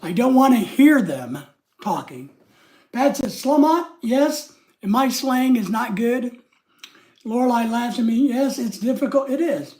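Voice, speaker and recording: A man's voice: very high-pitched, expressive, measured pace, darkish tone. An older man hosting a casual livestream, rambling as he reads viewers' comments aloud and greets them by name. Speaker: livestream host.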